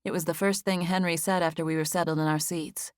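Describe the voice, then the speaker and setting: Female audiobook narrator, gentle first-person storytelling, slightly low voice, dry studio mic. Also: fairly even intonation, fast talker, dry recording.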